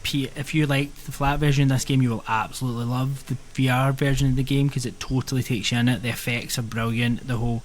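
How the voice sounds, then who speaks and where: A man co-hosting a podcast, reviewing a game in an earnest, hesitant way and filling his pauses with "um". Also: medium pitch, fairly even intonation. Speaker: podcast co-host. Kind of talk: casual chat.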